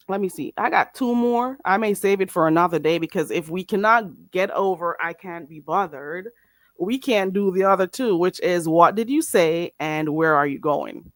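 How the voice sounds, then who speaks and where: A woman's voice: lowish voice, dry recording, clean studio sound. A woman hosting a live stream, chatting casually with viewers and teasing them playfully while teaching them phrases. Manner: playful and teasing, drawn-out slow demonstrations. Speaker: livestream host teaching phrases.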